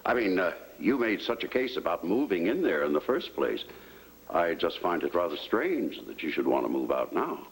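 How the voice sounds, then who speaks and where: A crusty, scheming old patriarch in a daytime soap, his voice very deep and gravelly. His pitch swings widely as he probes and needles in a sly, suspicious way. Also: very animated, moderate pace, a little hiss or hum, low-quality recording. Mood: probing. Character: crusty older male family patriarch, scheming.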